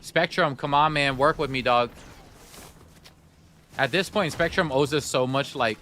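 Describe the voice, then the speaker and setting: A man with a mid-range, bright voice speaks unhurriedly and forcefully over a faint hiss or hum. He's a gaming streamer doing live gameplay commentary, playfully chatting with his viewers and whining in mock sadness.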